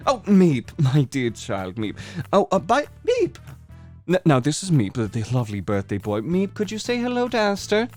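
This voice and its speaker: A man's voice: fairly high pitch, huge pitch swings, normal speed, darkish tone, faint music behind, pitched above the performer's own voice. A man plays a doting nobleman father, gushing and flustered, lifting his voice well above its usual register. He stays overly polite and fussily eager to please, his tone bouncing all over. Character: cheerful fussy nobleman father, middle-aged.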